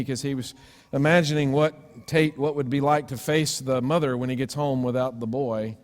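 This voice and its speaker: Male pastor, storytelling sermon, slightly high voice, long church echo. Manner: storytelling with sudden loud screams and hushed asides. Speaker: preacher. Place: church sanctuary.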